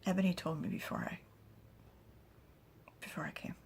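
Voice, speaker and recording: A woman telling a story in a hushed, halting voice, recounting what the characters said. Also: low-pitched, huge pitch swings, vocal fry, in a whisper. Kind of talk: whispered storytelling.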